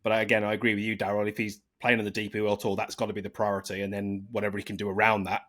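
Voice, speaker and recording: A man's voice: fairly low pitch, level tone, racing, fairly bright tone. A man co-hosting a podcast in casual chat, reading out points from a list and adding his own comments. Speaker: podcast co-host.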